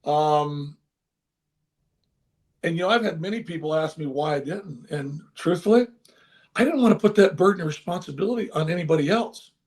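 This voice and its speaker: A man's voice: a little high, moderate pace, long pauses. Earnest older man telling a story. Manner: earnest, animated, with frequent restarts. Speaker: guest, former baseball manager. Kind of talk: emotional storytelling in an interview.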